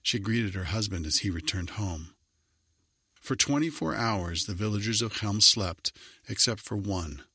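A man narrating a children's story in an even, measured reading voice. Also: on the low side, slightly rough, dry recording, clean studio sound.

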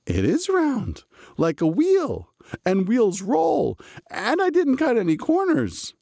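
A man's voice: sits high, huge pitch swings, measured pace, gravelly, darkish tone, no room sound, voice pushed up, heavily acted. A bumbling young baker's helper, befuddled and plaintive, put on by a man reading a storybook. His voice jumps well above the reader's own and swoops up and down. The sound is close and dry. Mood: fretful.

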